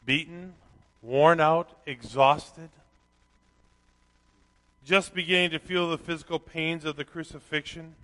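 A man preaching a sermon, reading scripture aloud and swinging from quiet reflection to loud, animated emphasis. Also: a little high, unhurried, pauses often. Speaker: pastor. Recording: long hall reverb.

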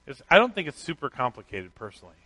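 Man, middle-aged, pastor, sermon, bright sharp tone, conversational, self-deprecating. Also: medium pitch, very animated, quick pace, breathy edge. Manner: candid, conversational preaching with self-deprecating asides.

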